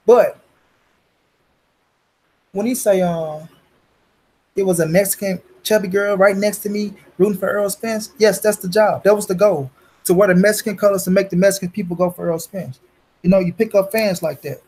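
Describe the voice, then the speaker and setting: Blunt, profane man with a high voice. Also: fairly even intonation, moderate pace, long pauses, a little mellow, husky, low-quality recording. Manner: blunt, profane, repeats himself for emphasis; peppers talk with "you dig" and "bro". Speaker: boxing channel host. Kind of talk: casual commentary monologue.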